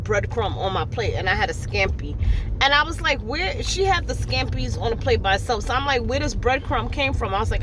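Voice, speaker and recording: A woman's voice: a little high, noisy background. A woman in her thirties from Brooklyn with a New York accent, chatting bluntly and animatedly in street slang, in a car. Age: 30s. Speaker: vlogger. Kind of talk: casual chat.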